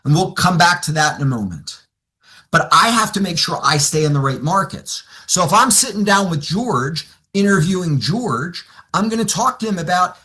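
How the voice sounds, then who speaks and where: A bright, high-pitched man with a lively, swinging delivery, coaching a room on winning client referrals. He tells stories and slips into quick back-and-forth dialogue, playing himself and his clients in turn. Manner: animated storyteller, acts out both sides of client conversations. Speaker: financial advisor sales trainer. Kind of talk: seminar talk with acted dialogue.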